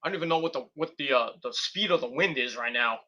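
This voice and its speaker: Here a wrestling review vlogger talks fast at medium pitch, his tone bright and forceful over dull audio. The commentary is casual and meandering, laced with profanity and side tangents.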